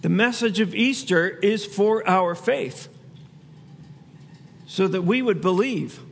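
A man's voice: sits high, slow pace, creaky, long reverb tail, slight background noise. A man preaching a sermon as pastor, in a conversational way with asides he laughs at himself.

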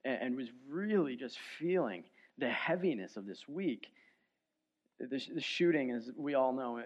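Earnest preacher man, dull lo-fi recording. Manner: earnest, swings from soft and low to loud and emphatic. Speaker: pastor. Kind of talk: sermon. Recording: dull lo-fi sound.

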